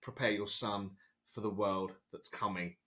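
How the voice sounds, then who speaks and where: A man's voice: fairly low pitch, steady tone, unhurried, bright, forceful tone. A man hosting a podcast, asking earnest, encouraging questions. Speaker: podcast host. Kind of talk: interview questions.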